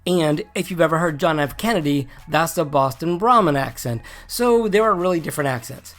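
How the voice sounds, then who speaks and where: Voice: medium pitch, animated, brisk. A video host from New England who speaks in a neutral General American accent, having mostly dropped the native one, giving a casual explainer with wry, joking asides.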